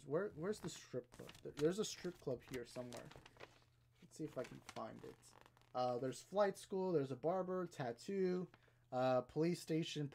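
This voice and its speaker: A man hosting a live stream, chatting casually and rambling while reading chat and browsing, now and then bursting into excitement. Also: fairly high pitch, slight background noise. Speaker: podcast host streaming live.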